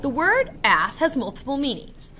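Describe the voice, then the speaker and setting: A woman's voice: sits high, huge pitch swings, normal speed, noisy background. A woman teacher giving a recorded literature lesson, explaining scenes and reading quotes aloud.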